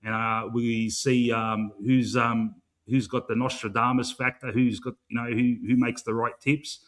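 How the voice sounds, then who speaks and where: A man's voice: medium pitch, little pitch movement, unhurried, fairly bright tone. An Australian man hosting a casual live fan stream, rambling and matey, swearing freely and filling gaps with "um". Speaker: fan show host.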